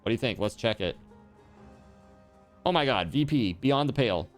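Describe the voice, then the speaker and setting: A man's voice: mid-range voice, expressive, moderate pace, faint music behind. A man streaming a video game, chatting casually and teasingly with his viewers as he plays. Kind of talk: casual chat while gaming on stream.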